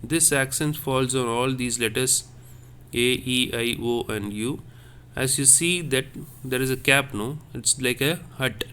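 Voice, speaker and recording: A man's voice: mid-range voice, measured pace, bright, forceful tone, slight background noise. A man teaching a lesson on French accents, explaining patiently and repeating each point step by step.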